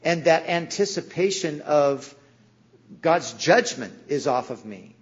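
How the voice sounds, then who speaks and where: A man's voice: a little high, lively intonation, slow, husky, muffled recording. A man preaching a sermon in an earnest way, sometimes acting out the voices in the stories he tells. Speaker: pastor.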